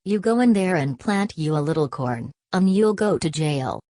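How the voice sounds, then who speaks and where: Woman voicing worn-out migrant father, bitter drawl, low voice, dry sound, audiobook. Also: animated, normal speed, dark tone, no room sound. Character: weary migrant father heading home.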